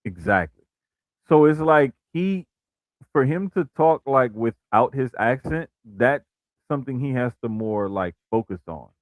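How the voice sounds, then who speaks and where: A man co-hosting a wrestling podcast in relaxed casual talk, full of "like" and "bruh" and frequent restarts. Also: mid-range voice, a little slow, no room sound. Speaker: podcast co-host.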